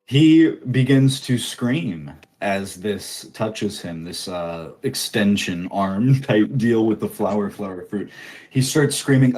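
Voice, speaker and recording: A man narrating as game master in a casual, halting way. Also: on the low side, animated, darkish tone.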